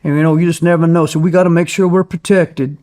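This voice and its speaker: A man putting on the voice of a folksy good-old-boy utility official with a slow, reassuring drawl. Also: fairly high pitch, fairly even intonation, a little mellow, voice pushed up, lightly acted.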